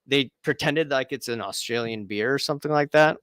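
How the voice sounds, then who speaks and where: A man's voice: medium pitch, fairly quick, fairly bright tone, smooth, no echo. A man hosting a casual live stream, chatting and reading out viewer comments in a rambling way.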